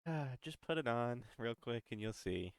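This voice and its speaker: A man bantering as a player in a tabletop game. His voice is at an ordinary middle pitch. He jokes loosely with the group. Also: expressive, normal speed, clean tone, no room sound, clean studio sound. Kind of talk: casual table talk.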